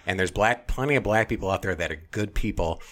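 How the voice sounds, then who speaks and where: A man with a fairly low-pitched voice, talking in a blunt, heated, casual way. He swears freely and keeps stopping to restart his sentences. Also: fast talker, fairly bright tone. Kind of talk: casual opinionated chat.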